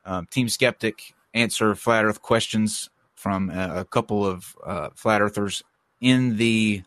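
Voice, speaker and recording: A man's voice: on the low side, steady tone, slow, fairly bright tone, no room sound. A man with a stuffy cold hosting a podcast in casual chat, rambling with lots of fillers and restarts. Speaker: podcast host.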